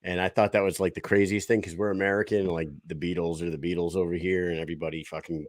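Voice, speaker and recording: A man's voice: low voice, fast talker, no room sound, clean studio sound. A middle-aged man co-hosting a podcast, chatting casually and swearing freely as he banters with a guest. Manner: profane, lively banter. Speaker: podcast co-host. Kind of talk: casual interview chat.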